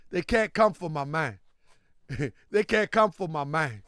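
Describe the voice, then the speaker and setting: A man's voice: a little high, expressive, unhurried, a bit bright, no echo, clean studio sound. A man hosting a casual commentary vlog, hyped and emphatic, repeating his points. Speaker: host.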